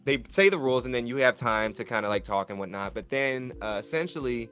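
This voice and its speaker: A man hosting a podcast, asking loose, relaxed questions in casual conversation. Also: medium pitch, brisk, faint music behind. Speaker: podcast host. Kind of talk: casual interview.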